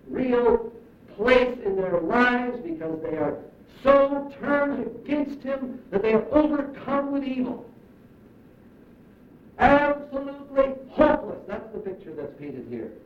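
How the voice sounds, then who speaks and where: Earnest high-voiced man preaching in a roomy hall. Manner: earnest, emphatic, slows down to stress key phrases. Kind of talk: sermon. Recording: roomy, distant, muffled recording.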